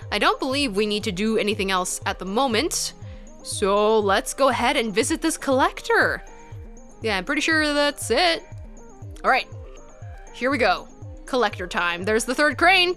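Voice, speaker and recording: A woman playing a video game and chatting about it, excitable and chatty. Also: fairly high pitch. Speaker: let's player. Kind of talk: game commentary.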